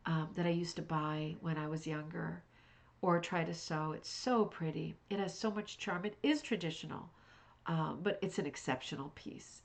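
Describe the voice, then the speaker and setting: Chatty, effusive woman host. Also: lowish voice. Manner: chatty and effusive, with fillers and restarts. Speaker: host of a rug hooking club livestream. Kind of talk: casual livestream chat.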